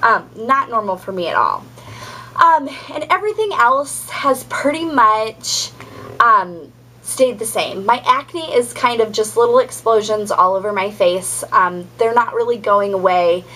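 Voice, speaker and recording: A woman's voice: fairly high pitch, expressive, measured pace, bright, forceful tone, slight background noise, poor audio. A young adult woman giving a casual pregnancy update vlog, chatty and rambling with many ums and likes. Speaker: vlogger.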